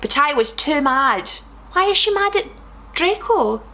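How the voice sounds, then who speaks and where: A young woman comedian reading bad fan fiction aloud, animated and sarcastic, swearing freely. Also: high voice, a little slow. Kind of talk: comic read-aloud.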